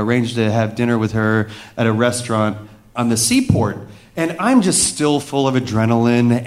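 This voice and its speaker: A man telling a personal story vividly, with dramatic pauses and hushed moments. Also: mid-range voice.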